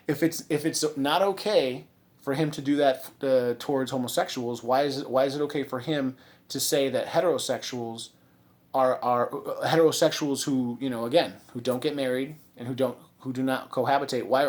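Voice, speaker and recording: A man's voice: medium pitch, normal speed, a little mellow. A man giving a casual commentary monologue as a vlogger, rambling with many fillers and restarts, and sounding indignant. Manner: indignant, ranting.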